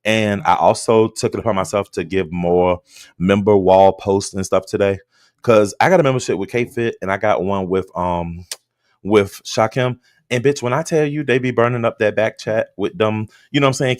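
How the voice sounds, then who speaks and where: A man with a lowish voice hosts a casual livestream from a room at home, talking bluntly and swearing freely as he greets people in the chat. The sound is dry and close, with no room echo. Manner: blunt and profane, greets chat viewers by name. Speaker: livestream host. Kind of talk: casual live-stream chat and gossip commentary.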